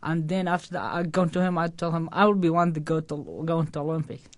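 A young man with an Iraqi Arabic accent speaks in brief, halting English. His voice sits slightly above the usual male pitch, and the sound is dry. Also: steady tone, no room sound. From Iraq. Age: 20s. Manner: brief, halting answers in second-language English. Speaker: boxer.

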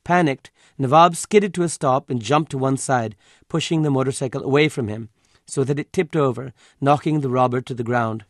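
A man reading a literary story aloud as an audiobook narrator, measured and even. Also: mid-range voice, dry recording, studio quality.

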